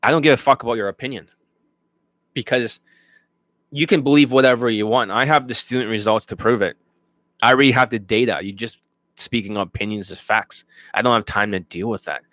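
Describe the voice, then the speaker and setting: A man's voice: mid-range voice, a little fast, a bit bright, no echo. A man working as a dating coach, ranting bluntly and profanely to his students. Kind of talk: unscripted monologue to students.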